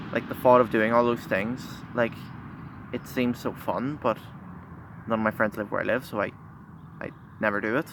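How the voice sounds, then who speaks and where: A teenage boy talking candidly to his phone camera outside, shy and halting, full of pauses and restarts. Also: mid-range voice. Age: teens. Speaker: vlogger. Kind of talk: candid confessional vlog. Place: outdoors by a busy road. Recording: phone recording with loud traffic noise. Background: passing cars.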